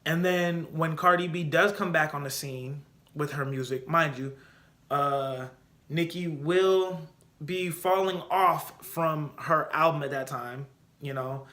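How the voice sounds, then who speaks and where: A young man hosting a casual solo podcast, giving opinionated and animated commentary and repeating his points for emphasis. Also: fairly high pitch, takes it slowly. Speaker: podcast host.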